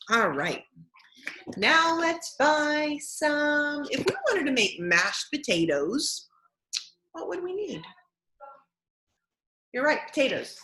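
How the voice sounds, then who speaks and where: A young woman leads a children's lesson in a high voice that swoops up and down with great energy. She talks slowly and stretches her words, adding gasps and playful exclamations. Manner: animated, slow and exaggerated, with gasps and playful exclamations. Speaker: music therapist teaching children. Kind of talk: sing-song children's lesson and storytelling.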